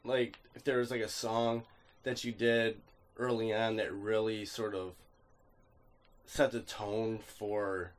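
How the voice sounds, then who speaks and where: A man's voice: fairly low pitch, little pitch movement, takes it slowly. A man hosting a casual interview, easygoing and laughing along with his guest.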